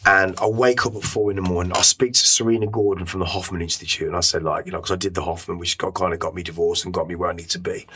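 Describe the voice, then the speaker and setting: A man's voice: low-pitched, steady tone, quick pace, few pauses, bright, forceful tone, breathy edge. A middle-aged man, a podcast guest, telling an emotional story in a rambling way, with many restarts and casual swearing. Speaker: interview guest.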